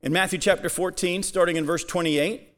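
A man preaching a Bible-teaching sermon, speaking directly to his congregation and reading scripture aloud with slow emphasis. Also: high voice, fairly even intonation, fairly bright tone. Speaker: pastor.

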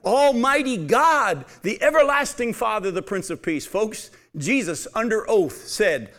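A man's voice: high-pitched, animated, measured pace, few pauses, fairly bright tone. A man preaching a sermon, reading Bible passages aloud and putting emphatic questions to his listeners. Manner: emphatic, asks the audience questions.

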